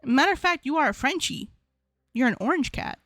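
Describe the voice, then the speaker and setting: High-voiced chatty young woman streamer. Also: animated, a little fast, fairly bright tone, dry recording. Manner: chatty and rambling, repeats herself. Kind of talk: casual stream sign-off chat.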